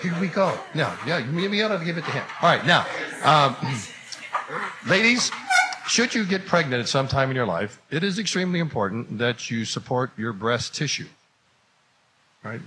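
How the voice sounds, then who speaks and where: A man's voice: mid-range voice, background noise. A man teaching a class, talking casually with playful, wry asides. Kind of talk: joking classroom talk.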